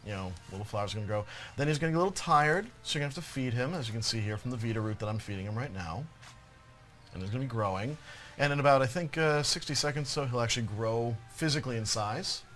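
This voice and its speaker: A hoarse, throaty man presenting a live game demo with jokey enthusiasm. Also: medium pitch, animated, quick pace, a bit bright, faint music behind.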